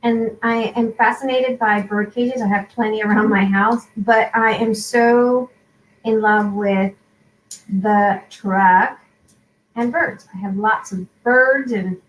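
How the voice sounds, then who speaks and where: A woman whose first language is Spanish, chatting excitedly with viewers while she hosts a crafting livestream. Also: a little high, takes it slowly. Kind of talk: casual live-stream chat. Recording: echoey room, faint background noise.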